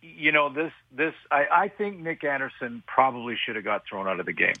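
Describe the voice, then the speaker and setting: A man talks football as a radio analyst, halting and circling back, often flagging his own sarcasm. His voice is husky and sits in a middle register. It comes through a dry, tinny phone line. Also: mid-range voice, no echo. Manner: halting, restarts often, self-aware sarcasm. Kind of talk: radio sports talk.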